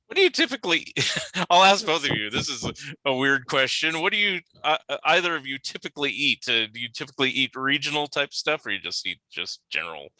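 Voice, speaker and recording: A man from California hosts a relaxed podcast chat. He is talkative and laughs easily, his voice sharp and bright. The close mic is dry, with no room sound. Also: a little high, moderate pace, no echo, low-quality recording. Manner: chatty, laughs often, asks follow-up questions. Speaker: podcast host. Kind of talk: casual interview chat.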